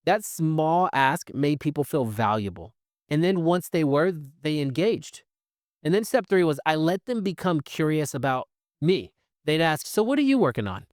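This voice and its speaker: Guy hosting his own podcast, kinda high voice, chatty w/ ums, acts out convos, super dry sound. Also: unhurried, no echo. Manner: animated, acts out quoted conversations; conversational with fillers and restarts. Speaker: podcast host. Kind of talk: solo podcast monologue.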